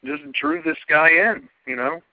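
A man's voice: a little high, big pitch swings, unhurried, creaky, no echo. A man in casual podcast chat as a co-host, musing reflectively and often saying "you know". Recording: dry, narrow phone-like sound.

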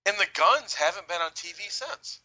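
A man co-hosting a casual podcast, talking animatedly and doing quick voices when quoting people. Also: sits high, poor audio. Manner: animated, mimics voices in quoted bits. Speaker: podcast co-host. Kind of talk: casual wrestling talk.

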